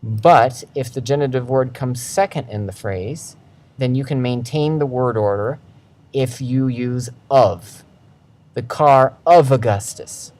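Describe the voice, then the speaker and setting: A man teaching Latin in a recorded lecture over slides, walking through each step methodically and reading out word forms slowly and carefully. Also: medium pitch, a little mellow. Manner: methodical, walks through steps one by one.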